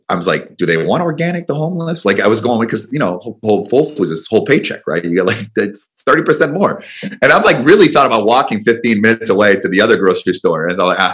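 A man's voice: deep voice, a bit bright. A man guesting on a radio talk show as a business coach, telling a story in a rambling, chatty way with restarts. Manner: rambling, with restarts and acted-out dialogue. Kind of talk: conversational storytelling. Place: radio studio.

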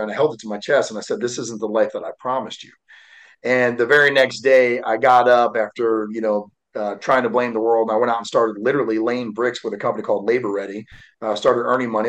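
A man's voice: medium pitch, poor audio. Candid man in his forties, heartfelt. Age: 40s. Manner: candid and heartfelt, with frequent fillers. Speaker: guest, motivational speaker and author. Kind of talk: emotional personal storytelling.

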